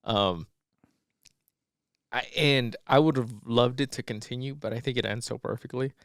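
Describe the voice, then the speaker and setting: A podcast co-host chats casually and rambles, leaning on lots of fillers and swearing. His medium-pitched voice is fairly bright and moderately paced, recorded cleanly in a studio with no echo.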